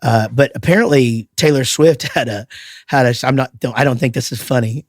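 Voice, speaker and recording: A man's voice: medium pitch, moderate pace, dry recording, studio quality. A man hosting a podcast, chatting casually, rambling with restarts and swearing freely. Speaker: podcast host. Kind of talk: casual chat.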